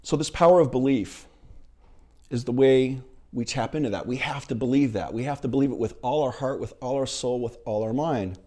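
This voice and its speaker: Man, minister, sermon, animated storytelling, middle-aged, medium pitch. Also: a little fast. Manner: storytelling, animated retelling with acted quotes.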